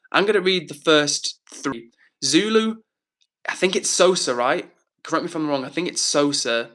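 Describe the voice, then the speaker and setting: Man, live streamer, upbeat chatty delivery, bright tone, slightly high voice. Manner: upbeat, chatty, reads out viewer comments. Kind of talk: casual live-stream chat.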